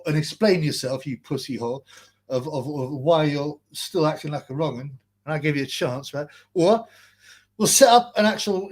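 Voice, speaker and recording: A man's voice: on the high side, slightly rough. A man hosting a casual livestream, rambling and mocking as he reads out greetings from chat. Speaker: livestream host.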